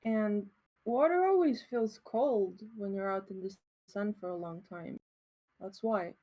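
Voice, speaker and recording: A woman playing her character in a tabletop game, answering in short, unsure phrases. She speaks slowly, at a middling pitch. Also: warm tone, poor audio. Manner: halting, simple, unsure phrasing. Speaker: player. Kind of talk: in-character tabletop role-play.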